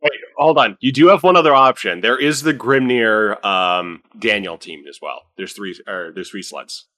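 A man's voice: on the low side, moderate pace, pushed and bright. A man running a tabletop game as game master, narrating loosely with lots of fillers and restarts. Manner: loose, filler-heavy, restarts mid-sentence.

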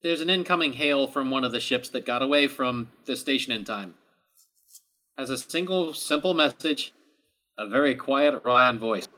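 A man's voice: medium pitch, lively intonation, normal speed, sharp tone. A man playing a tabletop role-playing game, cracking jokes with mock-posh phrasing. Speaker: player. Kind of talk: tabletop role-play chat.

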